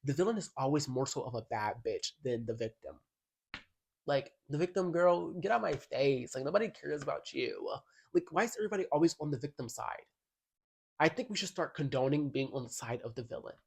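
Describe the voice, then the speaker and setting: A man talks through an album in a casual vlog. He sounds sassy and slangy and leans hard on his points, and his voice sits a little high for a man. Now and then he reads a song lyric aloud. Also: lively intonation, a little fast, creaky, husky. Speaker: music commentator.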